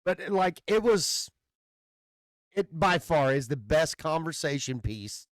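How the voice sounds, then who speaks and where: Guy spinning a long story, curses a lot, trips over his words, kinda high voice, dry close sound. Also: big pitch swings, takes it slowly, dry recording. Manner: rambling storyteller with loose profanity and stammered restarts. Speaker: podcast host. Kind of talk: casual storytelling chat.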